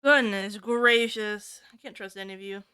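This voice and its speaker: Young woman streamer from the US, clear bright voice, animated and swears a lot, shoots up in pitch for quotes. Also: normal speed. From United States. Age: young adult. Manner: animated, swears freely, high-pitched when quoting others. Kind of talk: casual chat while working on stream.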